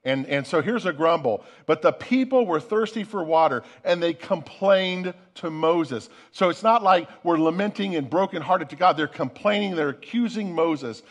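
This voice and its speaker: A man with a fairly high voice preaching a sermon. He speaks earnestly and often stumbles over and repeats the opening words of his phrases as he builds each point. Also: expressive, moderate pace, few pauses. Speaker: pastor.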